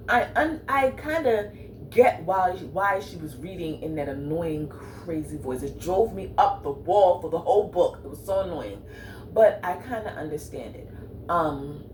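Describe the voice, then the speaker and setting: A woman's voice: fairly low pitch, animated, measured pace, a little mellow, a little hiss or hum, rough recording. A woman book vlogger in casual, chatty talk with sassy asides, at home. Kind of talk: casual chat.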